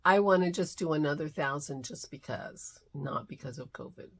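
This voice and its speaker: A middle-aged woman hosting her daily vlog, talking heartfelt and soft, sometimes dropping to near-whispers. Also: low-pitched, vocal fry, husky. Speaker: vlog host. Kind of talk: casual morning vlog talk.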